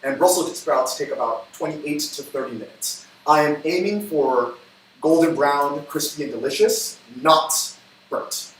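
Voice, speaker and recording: A man's voice: fairly high pitch, animated. Chatty man in an echoey kitchen. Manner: chatty, upbeat, quick asides. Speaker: cooking show host. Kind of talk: casual cooking livestream chat. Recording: echoey room from far off, faint noise.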